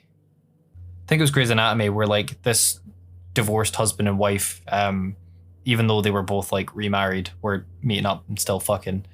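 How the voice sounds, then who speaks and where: A young man with a Scottish accent talks in a loose, unguarded podcast chat. His voice sits on the low side, and he fills gaps with "um" and breaks into easy laughter. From Scotland. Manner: candid, laughs often, many fillers. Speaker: podcast host being interviewed. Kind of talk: casual chat.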